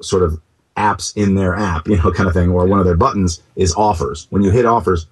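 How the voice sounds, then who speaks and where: A man being interviewed as a company co-founder, talking in an animated, jokey way. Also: low-pitched, a little fast, breathy edge. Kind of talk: casual interview.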